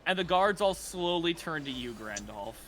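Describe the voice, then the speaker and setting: A man's voice: fairly high pitch, lively intonation, moderate pace, a bit bright, soft background music. A man narrating as dungeon master in a laid-back, joking way, swearing casually. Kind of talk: narrating a tabletop game.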